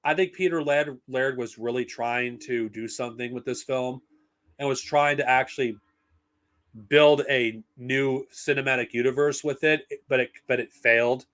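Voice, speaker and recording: A man's voice: medium pitch, fairly even intonation, normal speed, fairly bright tone. A man talking casually on a live stream, blunt and profane, rambling with frequent restarts. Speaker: streamer reviewing comics and films.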